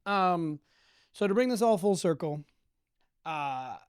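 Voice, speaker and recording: A man's voice: sits high, lively intonation, slow pace, clean tone, no room sound, clean studio sound. Joking young man cohosting a podcast. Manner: joking, rambling, laughs often. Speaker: podcast co-host. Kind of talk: casual chat.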